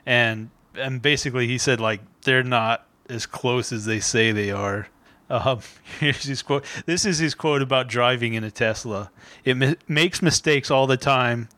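A man on a casual podcast, walking his friends through a news story. He often breaks into small chuckles mid-sentence. His pitch is medium for a man. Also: unhurried, sharp tone, no echo. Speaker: podcast co-host. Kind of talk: casual chat.

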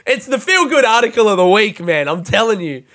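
Young male podcast host, fairly high voice, loose and profane storyteller who laughs through his own telling. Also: big pitch swings, fairly quick, fairly bright tone. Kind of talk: casual monologue.

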